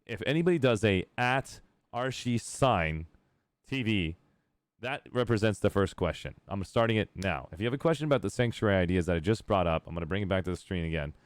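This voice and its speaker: Man, streamer, deep low voice, rambling casual chat, jokey. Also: animated, brisk, no room sound. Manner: rambling, joking, chatty. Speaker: streamer host.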